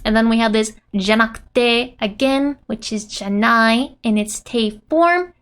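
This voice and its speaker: A woman casually teaching a Japanese lesson, laughing often and acting out quoted lines in animated voices. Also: fairly high pitch, measured pace, clear, resonant tone.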